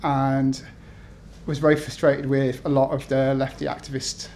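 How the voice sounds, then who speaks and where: A man's voice: mid-range voice, monotone, normal speed, darkish tone, slight background noise. A man in his thirties from the UK, an author talking to an event audience with many ums and restarts, then reading his essays aloud. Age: 30s.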